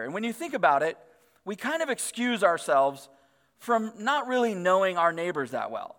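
Man, 30s, pastor, casual sermon, chatty, lots of fillers, slightly high voice, reverberant hall. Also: lively intonation, a little fast, fairly bright tone. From Northern California. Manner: chatty, filler-heavy, self-deprecating. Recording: long reverb of a large hall.

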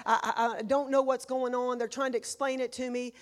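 A woman preacher giving a sermon in church, emotional and emphatic, swinging between hushed and loud. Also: a little high, flat delivery, brisk. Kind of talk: sermon with personal testimony.

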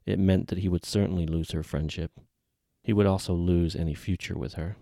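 A man reading a novel aloud in measured, even audiobook narration. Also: sits low, vocal fry, no room sound, clean studio sound.

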